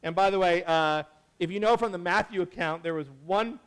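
A man's voice: high-pitched, fairly quick, clean tone. A man preaching a sermon in a casual, conversational way, correcting himself often and acting out the people he quotes. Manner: conversational, lots of "like" and self-corrections, acts out quotes. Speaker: pastor.

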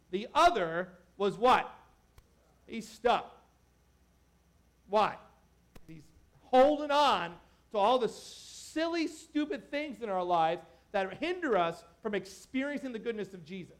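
A man preaching a casual, conversational sermon as a pastor, animated and joking, with many asides to the congregation. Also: high-pitched, slow pace, pauses often.

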